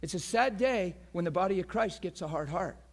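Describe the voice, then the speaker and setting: A man preaching a passionate sermon, swinging from loud, shouted peaks to hushed, near-whispered lines and acting out the crowd with gasps. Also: high voice, animated, a little fast, vocal fry. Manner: acts out quoted crowd voices with gasps.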